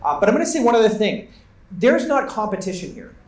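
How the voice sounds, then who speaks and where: A man with a Canadian accent speaking on a conference panel, giving an upbeat, joking sales pitch. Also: sing-song, quick pace. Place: large conference hall. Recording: echoey hall sound.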